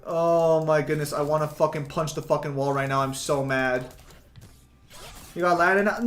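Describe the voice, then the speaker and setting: A man's voice: a little high, steady tone, moderate pace. A young man streaming games from home, chatting casually to his viewers, rambling with lots of fillers and swearing constantly. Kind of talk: casual gaming stream chat.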